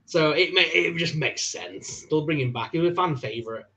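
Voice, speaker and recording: A man's voice: on the high side, normal speed, bright, forceful tone. A man co-hosting a casual live-stream chat, rambling with lots of fillers. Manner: rambling, many fillers and restarts. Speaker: co-host, toy reviewer. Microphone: video call.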